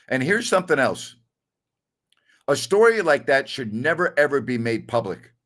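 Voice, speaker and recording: A man's voice: mid-range voice, lively intonation, measured pace, a bit bright. A middle-aged man hosting a sports talk show, blunt and opinionated, telling stories with a laugh. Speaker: sports radio host.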